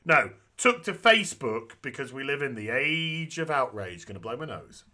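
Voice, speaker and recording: Blunt, animated man ranting. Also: medium pitch, normal speed. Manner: blunt, animated and sweary, with frequent restarts. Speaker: podcast co-host. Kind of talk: casual podcast discussion.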